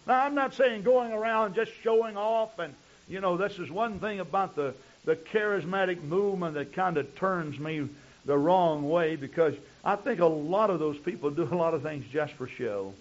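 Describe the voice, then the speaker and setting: A man's voice: high voice, normal speed. A male pastor preaching a sermon, telling stories in long chains of "and" with frequent restarts. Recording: dull lo-fi recording.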